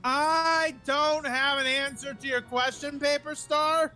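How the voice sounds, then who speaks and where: A woman streaming a game, thinking out loud as she plays. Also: high voice, slow, soft background music. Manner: thinks aloud while playing, animated. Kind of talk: live game commentary.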